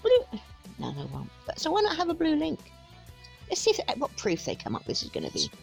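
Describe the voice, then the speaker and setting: A woman riffs through sarcastic reaction commentary, fed up and scornful. Her voice sits high and swings widely from line to line. Faint music plays underneath. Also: wildly swooping pitch, fairly quick, creaky. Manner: sarcastic, exasperated, chatty. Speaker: video commentator.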